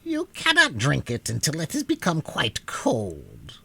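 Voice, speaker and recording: A man's voice: a little high, wildly swooping pitch, unhurried, creaky, fairly bright tone, slightly rough, pitched above the performer's own voice, heavily acted. A man reading aloud and voicing a stern, cruel old witch who speaks severely and with cold cheer. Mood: hushed.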